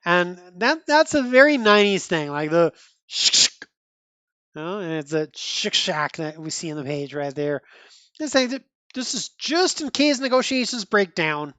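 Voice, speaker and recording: A woman's voice: lowish voice, animated, normal speed, fairly bright tone, dry recording. Chatty woman reviewing comic books. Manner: chatty, with repeated restarts and asides. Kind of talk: casual comic review chat.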